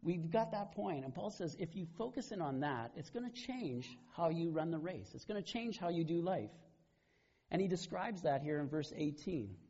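Middle-aged male pastor, conversational sermon storyteller, higher voice, slight husk. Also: lively intonation, moderate pace, mellow, husky. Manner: conversational storytelling, frequent restarts. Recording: dull lo-fi recording.

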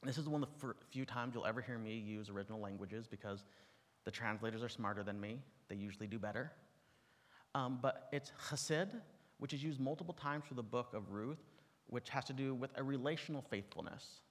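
A man preaches to an audience in a large room, teaching conversationally with asides and touches of humor. His voice is medium-pitched and brisk, with long reverb from the large hall.

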